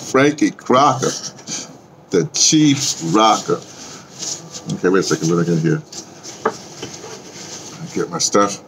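A vlogger with a low-sitting voice rambles casually about music and his day, even singing along to a record. He talks slowly with big swings in pitch and frequent pauses, over some background noise.

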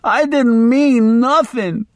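Shrill, terrified old maid, wailing and pleading, voiced by a man. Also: takes it slowly, no room sound, studio quality. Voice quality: high, strained, falsetto-like. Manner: wailing, blubbering pleas.

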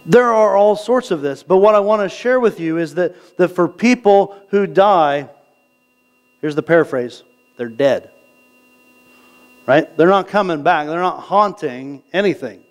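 A male pastor preaching a sermon in a casual, conversational way, often checking in with the congregation and slowing down to read scripture. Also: high voice, animated, clean tone. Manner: conversational preaching, asks the crowd "right?"; reads scripture slowly. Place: church sanctuary.

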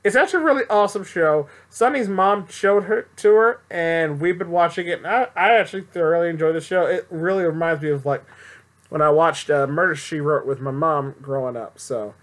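A man's voice: on the high side, fairly quick. A young man chatting playfully and rambling as he plays a game show video game. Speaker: gameplay commentator. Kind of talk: casual gameplay commentary.

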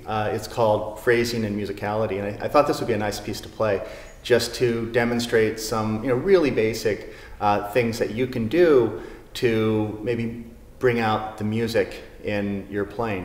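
Relaxed man teaching guitar, roomy reverb. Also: on the low side, moderate pace. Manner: relaxed, many fillers like um and you know. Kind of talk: casual spoken music lesson. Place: guitar showroom. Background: classical guitar playing.

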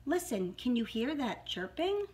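A woman's voice: a little high, very animated, measured pace, slight background noise. A woman voicing a kind, cheerful little male hedgehog in a children's storybook reading. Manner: bright, eager storybook voice.

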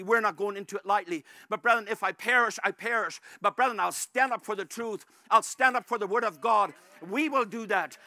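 A male pastor preaching a fervent sermon, repeatedly addressing the congregation as brethren and rising to shouts at the peaks. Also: high-pitched, no room sound. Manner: rises to shouts at climaxes.

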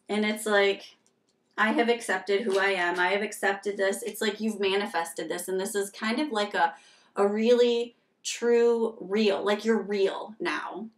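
A woman's voice: medium pitch, reverberant, distant mic. Frank, rambling woman reading tarot. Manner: rambling, frank and conversational with many fillers. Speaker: tarot reader. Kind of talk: casual tarot reading with personal stories.

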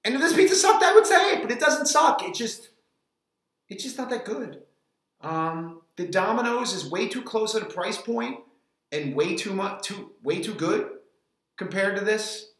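A man's voice: high voice, expressive, a bit bright. A man in his forties reviewing a frozen pizza in a casual vlog, rambling and restarting his sentences. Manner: rambling, halting, restarts often. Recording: roomy echo.

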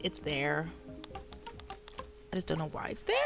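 A woman's voice: medium pitch, big pitch swings, brisk, over music. A woman livestreaming a game, chatting casually and exclaiming when startled. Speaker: streamer. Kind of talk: casual gameplay livestream chat.

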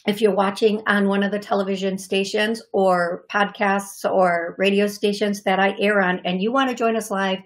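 A woman's voice: medium pitch, level tone, moderate pace, hardly any pauses. A woman hosting a live call-in show as a psychic medium, chatting casually and greeting viewers by name in short bursts full of fillers and restarts.

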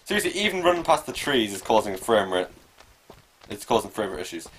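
A man giving casual let's play commentary, swearing and yelling at the game. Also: lowish voice, sing-song, fast, a little hiss or hum. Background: faint game music.

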